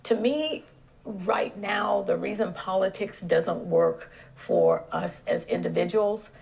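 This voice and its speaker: Woman on a debate panel, very gravelly voice, plainspoken. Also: mid-range voice, slow pace, darkish tone, rough recording. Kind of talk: casual debate talk.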